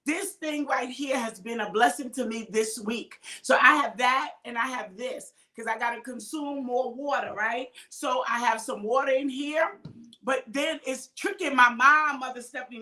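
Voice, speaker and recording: A woman minister preaching informally to online viewers, exhorting them, calling out names and often shouting. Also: sits high. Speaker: minister hosting a midday livestream.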